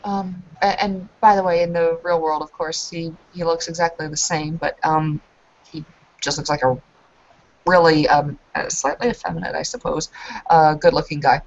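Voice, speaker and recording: Woman game master, kinda low voice, lots of ums, muffled audio. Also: steady tone, normal speed. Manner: hesitant, filler-heavy. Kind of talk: running a tabletop role-play.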